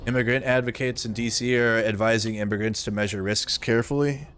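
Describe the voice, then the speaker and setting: A man's voice: mid-range voice, fairly even intonation, brisk, fairly bright tone, a little hiss or hum. A man hosting a live news commentary stream, talking bluntly and with profanity. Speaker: livestream news host.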